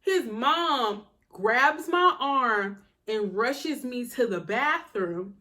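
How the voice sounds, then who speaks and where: Brief: a young woman vlogger with a high voice, telling a personal story in a slangy, animated way. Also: drawn-out words. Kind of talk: storytime vlog.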